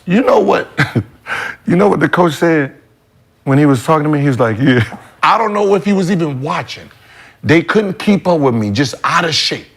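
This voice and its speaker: A man's voice: on the high side, lively intonation, moderate pace, breathy edge. A man hosting a sports podcast, telling a story with emphatic profanity and mimicking other people's voices. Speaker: podcast host. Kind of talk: animated storytelling in casual chat.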